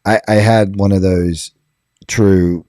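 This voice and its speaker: A man from South Carolina chats casually as a podcast co-host. His voice is low and mellow, and he tells self-deprecating stories with a joking touch. The recording is dry. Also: steady tone, slow, no echo. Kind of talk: casual chat.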